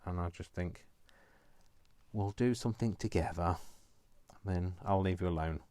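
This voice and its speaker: A man's voice: deep voice, normal speed, darkish tone, dry recording. A man in his fifties chatting casually on a live crafting stream from his home kitchen, rambling with playful asides. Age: 50s. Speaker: crafting vlogger.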